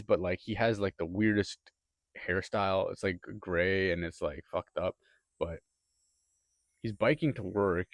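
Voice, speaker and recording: A man's voice: lowish voice, gravelly, darkish tone, no echo, studio quality. A young man rambling through a profane, casual monologue, full of filler words and restarts. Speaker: podcaster.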